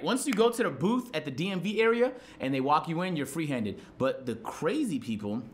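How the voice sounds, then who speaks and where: A young man streaming live, telling a story to his chat in a profane, excitable way and acting out shouted quotes. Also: on the high side, a little hiss or hum.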